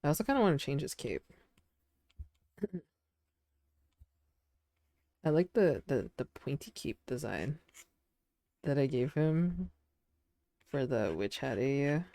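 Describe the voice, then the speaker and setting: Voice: mid-range voice, very animated, slow pace, pauses often, mellow, dry recording. A streamer chatting casually with their audience while drawing. They ramble with lots of fillers and giggle often.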